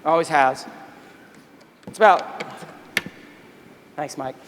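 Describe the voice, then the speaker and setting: A man who is an army veteran giving a motivational keynote speech, telling animated stories and acting out dialogue. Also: fairly high pitch, takes it slowly, long reverb tail, slight background noise. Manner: folksy, animated storytelling with quoted dialogue. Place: large convention hall.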